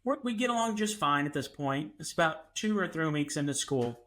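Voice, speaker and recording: Bright-voiced man telling a story. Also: fairly high pitch, brisk. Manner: animated, acts out quotes, many restarts. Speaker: podcast co-host. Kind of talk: casual storytelling.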